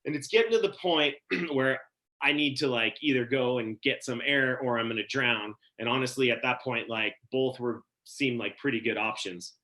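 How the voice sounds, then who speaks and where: Bright-voiced storytelling man from Wyoming. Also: mid-range voice. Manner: casual, animated, many "like" fillers. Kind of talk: live storytelling at a story slam.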